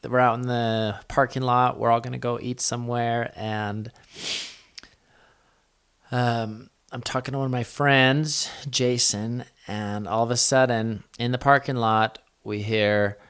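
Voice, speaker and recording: A man's voice: mid-range voice, flat delivery, measured pace, fairly bright tone, clean tone. A young man telling a personal story in a vlog, earnest and rambling, with many restarts. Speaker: vlogger.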